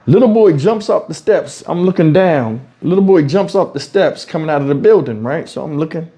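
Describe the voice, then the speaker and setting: A YouTube commentator from Houston, Texas tells a story in a casual vlog at a normal pace with a fairly high voice, animatedly acting out quotes and swearing freely. He records at home on a wireless lavalier mic.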